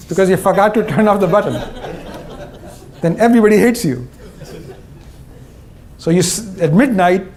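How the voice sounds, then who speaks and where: A middle-aged man with an Indian English accent speaks from a conference stage, his voice sitting noticeably high for a man. His delivery is wry and punchy, and he slips into the voices of the people he describes. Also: darkish tone. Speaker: speaker, former CEO. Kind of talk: humorous conference talk.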